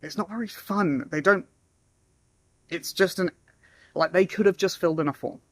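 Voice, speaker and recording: A young man giving casual sales advice, now and then acting out phone calls in lively voices. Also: high-pitched, normal speed, dry recording. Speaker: sales trainer. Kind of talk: casual talking-head advice.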